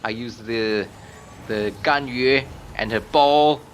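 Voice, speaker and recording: A man commentating live on his own gameplay, chatting casually and bursting into loud screams and laughs at the game. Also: medium pitch, takes it slowly. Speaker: game streamer.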